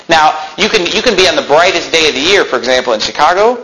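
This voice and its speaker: A pastor preaching a sermon in a church, explaining scripture with rhetorical questions and folksy asides. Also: male voice, a little high, lively intonation, fast talker, bright, forceful tone, a little hiss or hum, low-quality recording.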